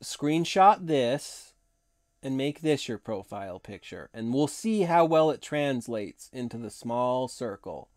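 A hoarse man hosting a casual live stream, chatting in a rambling way and laughing often. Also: medium pitch, animated, slow pace, darkish tone, no echo, studio quality. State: hoarse from long talking.

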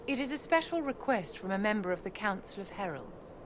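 A woman's voice: mid-range voice, very animated, brisk, close to an everyday voice. An actress voicing a poised, imperious female court enchanter in a video game, with formal and condescending diction. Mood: regal, aloof. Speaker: game character. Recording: game audio with background noise.

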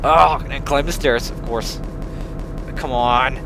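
A young man doing casual let's play commentary, playful and excitable, laughing often and trying silly accents. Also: medium pitch, takes it slowly, music in the background. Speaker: gaming video creator.

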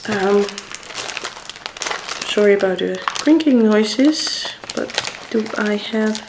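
A woman's voice: mid-range voice, expressive, slow, echoey room, background noise. A middle-aged Dutch woman speaking English with a Dutch accent, chatting hesitantly as she shows her cross-stitch projects at home. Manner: chatty, hesitant, many fillers. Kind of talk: casual show-and-tell.

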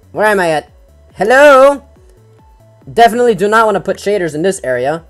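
With a high voice, this young gaming channel host offers laid-back let's-play commentary. Easily worked up, he curses a lot and shouts at the game.

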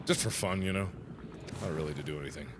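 Rumbling low and quick, a man commentates his own gameplay as a let's-play host, easily startled and panicky, with nervous laughter. Game music plays, and there's a slight hiss or hum.

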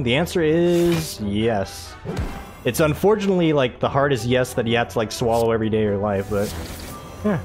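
A man's voice: mid-range voice, animated, a little fast, a little mellow, soft background music. A young American man hosting a let's-play, chatting casually and rambling about his day while he plays, laughing often. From United States. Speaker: gaming channel host.

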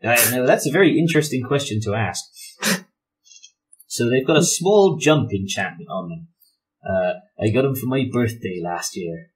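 A man's voice: medium pitch, lively intonation, moderate pace, lightly acted. A man voicing a kind, reasonable male traveller who rambles politely in a tabletop role-play. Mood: friendly. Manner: rambling and polite, with many fillers.

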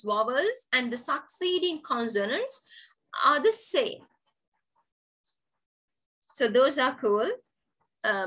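A woman's voice: high voice, bright, forceful tone, poor audio. A woman teacher giving an online poetry lesson, explaining terms step by step and repeating key words. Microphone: video call.

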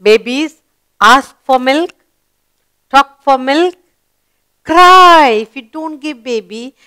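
A woman teaching a children's lesson, spelling out letters and quizzing young learners slowly and deliberately. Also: high voice, animated, pushed and bright, no room sound.

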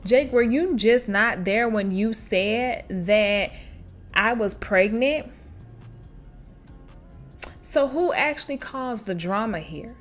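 A woman hosting a show where she reads online stories aloud and reacts to them in an expressive, chatty way, laughing often and talking straight to her listeners. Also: fairly high pitch, slow, long pauses, faint music behind. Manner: chatty, addresses listeners directly. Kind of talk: casual storytelling with commentary.

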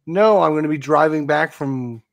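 A man hosting a casual live stream, chatty and quick to tease his co-host. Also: on the high side, vocal fry.

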